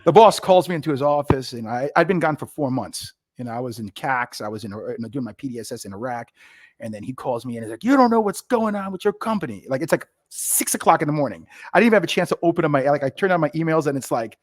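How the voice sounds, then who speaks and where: Middle-aged new guy, talks real fast, animated storyteller, dry close sound. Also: medium pitch, no room sound. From New York. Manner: animated, acts out bosses in quoted voices. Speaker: podcast guest, retired Marine officer. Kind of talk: casual storytelling.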